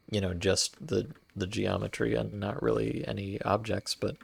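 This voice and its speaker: Gravelly, husky-voiced male streamer. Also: on the low side, no room sound. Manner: wry, playful, talking to chat while exploring. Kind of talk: casual gameplay commentary.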